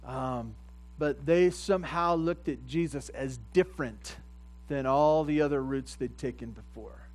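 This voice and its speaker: A pastor preaching a sermon in a plain, conversational way, a man at a medium pitch. He often repeats his phrases and grows louder at the points he stresses. A low mains hum runs under the recording. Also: measured pace, low-quality recording.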